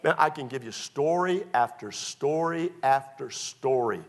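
A male pastor preaching a sermon through personal stories, swinging between loud excited bursts and hushed confessions. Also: mid-range voice, measured pace.

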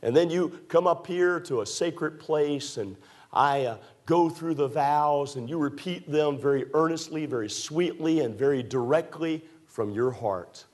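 A man delivers a fervent sermon from a church pulpit. His voice sits slightly high, and he drives his points home through repetition. His lines build in intensity until they approach shouts. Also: unhurried. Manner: fervent, repetitive preaching cadence, rising to near shouts. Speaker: preacher. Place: church sanctuary.

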